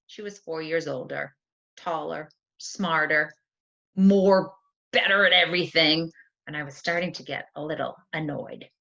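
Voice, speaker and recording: A woman teacher on a video call, telling a story in an animated storyteller voice for a writing lesson. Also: low voice, measured pace, gravelly. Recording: dull lo-fi sound.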